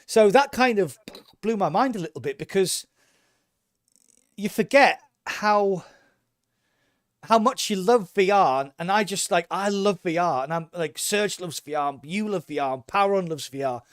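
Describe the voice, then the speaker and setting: A man's voice: high voice, lively intonation, a little slow, no room sound, clean studio sound. A man co-hosting a casual podcast, talking with eager enthusiasm and rambling through restarts. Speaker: podcast co-host.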